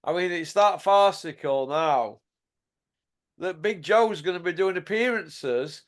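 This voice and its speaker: Host, slightly high, blunt banter, often laughing, sweary. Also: male voice, slow. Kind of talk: casual chat.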